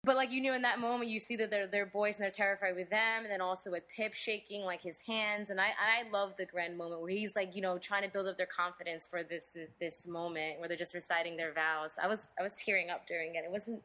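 A woman co-hosting a podcast, talking casually and chattily with quick restarts. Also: medium pitch, steady tone, bright, forceful tone. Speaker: podcast co-host. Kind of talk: casual chat.

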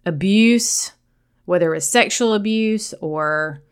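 A woman's voice: mid-range voice, slow, clear, resonant tone. A woman with a Southern accent hosting a solo podcast, speaking earnestly and encouragingly straight to her listeners. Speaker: podcast host.

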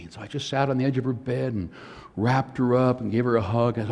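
An older male pastor delivers a sermon in a relaxed, storytelling way, speaking with an easy conversational rhythm. His voice sits at an ordinary male pitch. It rings out with a long reverb, as if heard in a large hall. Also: fairly quick.

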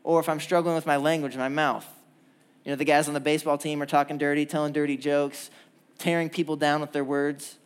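A young man preaching a sermon to a church crowd, earnest and animated as he tells stories. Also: a little high, brisk, clear, resonant tone. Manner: animated storytelling, lively and earnest. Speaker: pastor. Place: church hall.

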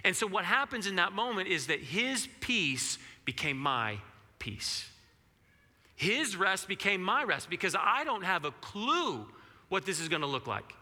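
A man preaching a sermon in a conversational, animated way, acting out the questions he quotes. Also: sits high, measured pace, long reverb tail. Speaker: pastor.

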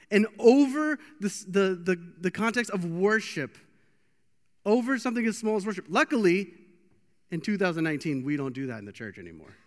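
A young man preaching a casual, joking sermon with lots of restarts, in a church hall. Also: sits high. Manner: animated, joking, with many restarts. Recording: long hall reverb.

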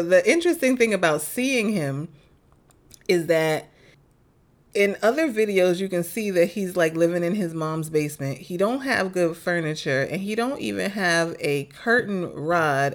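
A woman's voice: lowish voice, expressive. Incredulous woman on a podcast. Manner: incredulous, questioning, quick to laugh. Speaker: podcast co-host. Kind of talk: casual chat.

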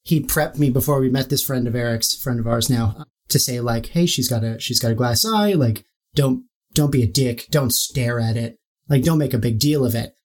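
Animated man telling a funny story. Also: medium pitch, normal speed. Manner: animated, swearing, full of likes. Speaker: player. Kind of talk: casual storytelling.

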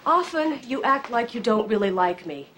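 A woman's voice: a little high, animated, normal speed, a bit bright, slight background noise. An actress playing an earnest young woman who directly questions a man about his feelings in a TV drama. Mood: probing. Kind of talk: TV drama acting.

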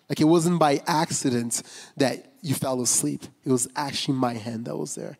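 A man's voice: mid-range voice, normal speed, vocal fry, a little mellow. A man preaching a personal testimony as pastor, speaking candidly and conversationally with many fillers and restarts. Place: church sanctuary. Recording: long reverb of a large hall.

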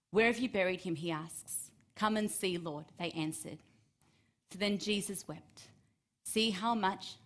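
A woman's voice: lowish voice, fairly bright tone. A woman preaching, reading and retelling a scripture story and acting out the quoted voices with rising emphasis.

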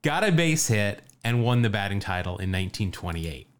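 A man's voice: on the low side, big pitch swings, normal speed. A man co-hosting a podcast, telling baseball history in casual chat with frequent laughs and asides. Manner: laughs often, storytelling with asides. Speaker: podcast co-host.

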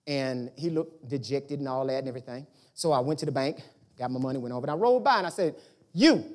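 A man preaching a sermon, speaking colloquially and emphatically to his congregation, rising loud and dropping to hushed storytelling. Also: high voice.

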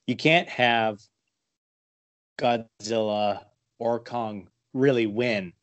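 A man's voice: mid-range voice, steady tone, drawn-out words, fairly bright tone, no echo, highs cut off. A man chatting casually as a podcast co-host, rambling and profane, poking fun at himself. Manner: rambling, profane, self-mocking theorizing. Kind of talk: casual chat.

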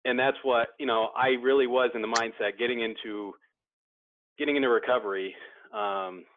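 A fairly low-voiced man, a member of a recovery support group, shares his story openly and keeps restarting sentences. There's no room sound, and the audio has a dry, tinny, phone-like quality.

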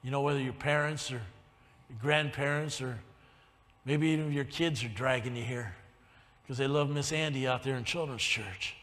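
A male pastor preaching a sermon in a church, telling his own conversion story, dropping to a hushed near-whisper and then rising to loud preaching. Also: mid-range voice, steady tone, normal speed, in a large hall. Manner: swings between hushed confession and loud preaching. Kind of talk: sermon with personal testimony. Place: church sanctuary.

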